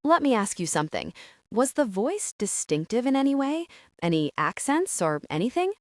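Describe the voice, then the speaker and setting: Field: dry, calm FBI agent, as a woman reads him. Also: fairly high pitch, moderate pace, dry recording, voice pushed up. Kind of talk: audiobook character voice.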